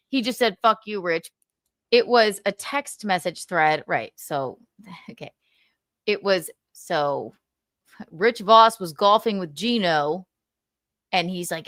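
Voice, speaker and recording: A woman's voice: on the low side, dry recording. Woman, livestream host, gossipy, mocking, laughing, dry close sound. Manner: animated, swearing, mocking, laughing often. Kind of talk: casual gossip commentary on a livestream.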